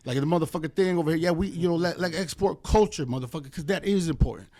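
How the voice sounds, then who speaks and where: Guest attorney, American man, higher register, passionate profane rant-style talk. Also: quick pace, warm tone. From United States. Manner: fervent, heavily profane, rambling with many fillers. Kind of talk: impassioned casual podcast chat.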